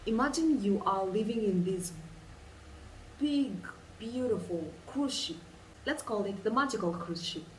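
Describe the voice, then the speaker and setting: A woman leading a guided imagination exercise, telling it in an animated way and repeating phrases for emphasis. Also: mid-range voice, a little slow, pauses often, a little hiss or hum. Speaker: vlogger. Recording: roomy sound, distant mic, faint ambience.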